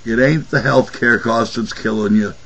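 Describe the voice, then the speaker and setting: A man's voice: mid-range voice, moderate pace, a bit bright, husky, rough recording. A man hosting his own political commentary video, ranting angrily with profane sarcasm. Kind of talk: angry political rant.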